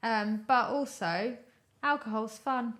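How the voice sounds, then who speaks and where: A woman co-hosts a laid-back podcast, throwing in teasing quick quips. Her voice sits fairly high for a woman. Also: fairly bright tone. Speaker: podcast co-host. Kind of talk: casual chat.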